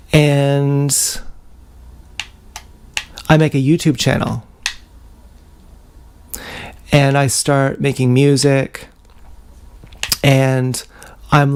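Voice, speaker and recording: A man's voice: mid-range voice, vocal fry, smooth. A man rambling through a profane personal story in a casual livestream monologue, recorded on an action camera mic.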